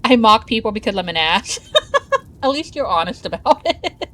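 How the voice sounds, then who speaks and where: A woman's voice: fairly high pitch, sing-song, fairly bright tone, a little hiss or hum. Chatty woman streaming a game. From Southern United States. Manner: chatty and laughs often; talks slowly. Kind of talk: casual live-stream chat while gaming.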